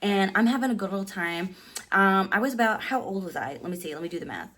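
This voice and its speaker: Animated woman in her thirties telling a story. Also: quick pace. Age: 30s. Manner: animated, heavy use of "like"; acts out quotes with big pitch jumps. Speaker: vlogger. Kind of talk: casual storytelling.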